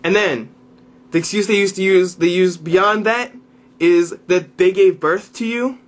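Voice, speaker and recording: Talking a little slowly, a young man with a high voice vents to his camera as a vlogger, frustrated and cursing throughout. His complaint grows as he keeps looping back, restarting sentences and repeating himself.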